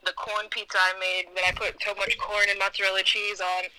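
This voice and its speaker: New guy cracking jokes, high very bright voice, tinny phone sound. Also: monotone, a little fast. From New York. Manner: joking, laughing asides. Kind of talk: casual chat.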